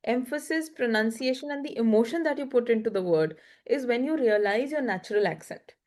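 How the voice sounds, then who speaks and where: A woman talks in a relaxed podcast chat. She explains and advises at length in a fairly high voice. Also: fairly quick. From India.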